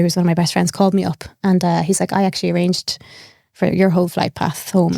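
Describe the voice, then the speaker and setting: Gravelly-voiced young Irish woman. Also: medium pitch, no room sound, clean studio sound. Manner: animated, acts out quoted voices, laughs often. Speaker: comedian, guest. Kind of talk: candid storytelling.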